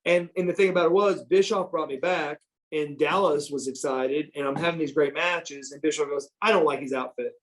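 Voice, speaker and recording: Man, middle-aged, somewhat high voice, casual storytelling, animated, profane, lots of restarts. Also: moderate pace. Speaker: interview guest.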